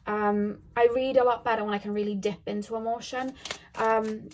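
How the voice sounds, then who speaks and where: Female tarot reader with a slightly high voice, loose and chatty, straight to the point. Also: steady tone, moderate pace, darkish tone, a little hiss or hum. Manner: chatty, loose, with many fillers and repeated phrases; frank and matter-of-fact. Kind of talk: casual tarot reading to camera.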